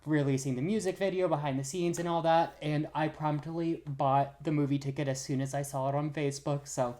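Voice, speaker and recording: A young woman with a low-pitched voice co-hosting a podcast. She chats casually, laughs easily, and breaks into gushing high-pitched bursts when she gets excited. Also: a little fast. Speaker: podcast co-host. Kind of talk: casual chat.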